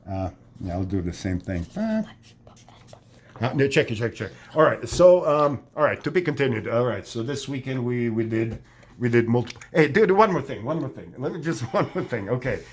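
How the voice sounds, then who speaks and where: A man chatting casually and haltingly while drawing, with many restarts. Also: mid-range voice, animated. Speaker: drawing vlogger.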